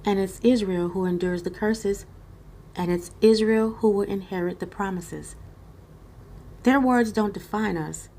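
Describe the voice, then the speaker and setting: A woman giving scripted narration in an even, measured way. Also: medium pitch.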